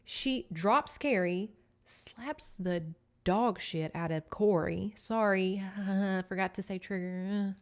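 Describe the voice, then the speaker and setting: A woman's voice: medium pitch, slow. A young woman, hosting a casual podcast book recap in a chatty, profane way with laughing asides. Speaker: podcast host.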